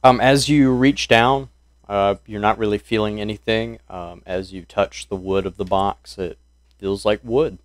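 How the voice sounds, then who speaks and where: A man's voice: lowish voice, fairly even intonation, measured pace, no echo. A man narrating as game master of a tabletop horror game, describing scenes loosely with plenty of ums and uhs.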